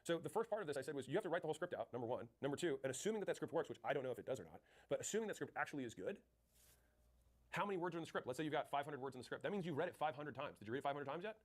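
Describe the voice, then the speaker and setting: A man's voice: fairly high pitch, animated. A man coaching on sales in a punchy, direct way, acting out both sides of sales calls and answering questions. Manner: rapid, punchy, acts out sales dialogue. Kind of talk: fast sales coaching talk.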